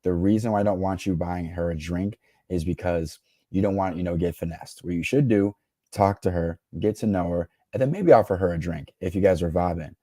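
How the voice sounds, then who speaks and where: A man with a low, mellow, dark-toned voice gives dating advice in a cocky, slang-heavy way. He talks straight to his audience in a dry, close, dead-sounding room. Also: fairly quick, dry recording. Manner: cocky, slangy, laughs at his own jokes. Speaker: dating coach reacting to a clip. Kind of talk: reaction commentary to camera.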